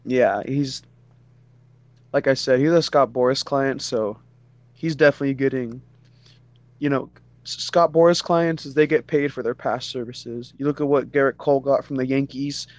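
A man's voice: medium pitch, steady tone, moderate pace, no echo. A man co-hosting a casual sports podcast, talking loosely with a lot of "you know" fillers. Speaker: podcast co-host.

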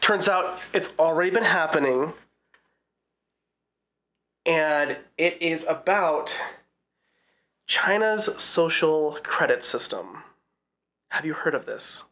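A man's voice: a little high, animated, slow pace, pauses often, sharp tone. A man co-hosting a podcast in casual chat, explaining in a rambling, hesitant way with many fillers. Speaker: podcast co-host.

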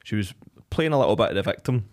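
A man's voice: lowish voice, lively intonation, fast. A man, a fitness coach in a casual podcast chat, blunt and emphatic as he makes his points.

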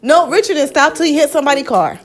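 High-pitched fast-talking young woman. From Ohio, USA. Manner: animated storytelling, swearing, laughing often. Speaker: podcast host. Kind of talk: casual family chat.

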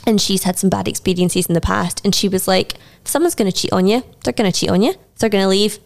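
A woman hosting a podcast, chatting casually and reacting with quick exclamations. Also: mid-range voice, gravelly. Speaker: podcast host. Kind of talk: casual chat.

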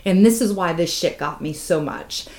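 A woman co-hosting a podcast, telling a painful personal story with raw emotion and plenty of swearing. Her voice drops low and hushed, then climbs loud and heated. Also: normal speed. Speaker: podcast co-host. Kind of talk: candid podcast chat.

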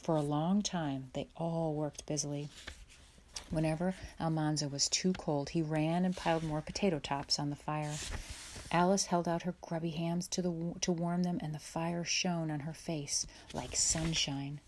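A woman reading a children's chapter book aloud in a gentle, measured storytelling way. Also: low-pitched, steady tone, a little hiss or hum. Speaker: audiobook reader. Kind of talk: storybook read-aloud narration.

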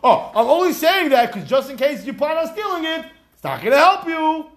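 A man leads a Talmud class in an animated, rhetorical way, acting out little scenes as he explains. His voice sits high and swoops widely. The room around him is echoey. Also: fairly quick. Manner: animated, rhetorical, acts out examples. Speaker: Talmud teacher.

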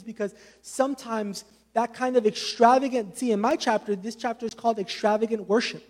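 A man's voice: very high-pitched, fairly even intonation, fairly quick, hardly any pauses. A man preaching a sermon with passion, speaking conversationally and adding many casual asides.

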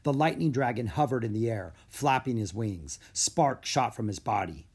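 A man narrating a children's story in an animated storybook way. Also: medium pitch, normal speed, slightly rough.

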